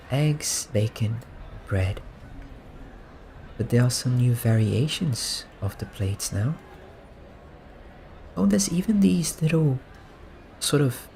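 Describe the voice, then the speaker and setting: A man gives soft-spoken gameplay commentary in a low voice, slow and unhurried. He muses in a relaxed, amused way, with a faint hiss under his voice. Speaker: gaming streamer.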